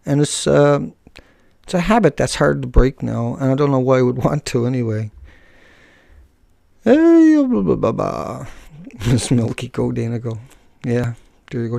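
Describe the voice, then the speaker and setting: A man with a gravelly, creaky voice talks straight at his viewers on an unscripted live stream. He goes after a commenter with scorn and taunts. The sound is dry and close, with no room echo. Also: mid-range voice, steady tone, moderate pace, long pauses, a little mellow. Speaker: live streamer answering chat.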